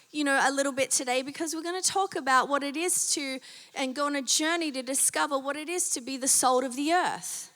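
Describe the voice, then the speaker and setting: A woman's voice: sits high, sharp tone, long reverb tail. A woman pastor preaching a sermon in a conversational way, with many fillers and questions to the congregation, her voice a little strained. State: slightly strained voice. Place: church auditorium.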